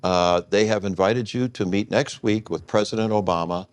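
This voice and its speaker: A man in his sixties shares a personal story as an interview guest. His voice sits low, and he tells it at an easy pace. He acts out the lines he quotes from others. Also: normal speed, smooth. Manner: relaxed anecdotal storytelling with quoted dialogue.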